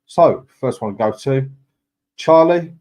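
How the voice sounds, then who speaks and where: A man's voice: medium pitch, lively intonation, measured pace, a little mellow. A man hosting a casual live stream, chatting in a matey way and reading out viewers' comments. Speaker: livestream host.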